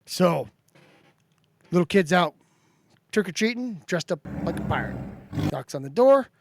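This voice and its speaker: Lebendige hoge mannenstem, krakerig. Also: male voice, high-pitched, measured pace, background noise. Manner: jokey, lively storyteller. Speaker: podcast co-host. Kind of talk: casual group chat, telling jokes.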